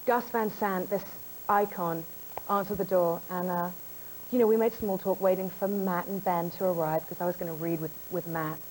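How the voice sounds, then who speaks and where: A young woman, a talk show guest telling a lively, self-mocking story about an audition. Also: on the low side, moderate pace, slight background noise, low-quality recording.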